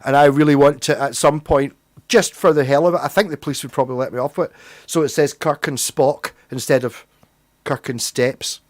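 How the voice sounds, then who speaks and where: A man's voice: mid-range voice, steady tone, a little fast, dry recording. A Scottish man hosting a livestream, chatting casually with viewers in a rambling, self-deprecating way, a bit tipsy. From Scotland. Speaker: livestream host. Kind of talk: casual chat with chat readers.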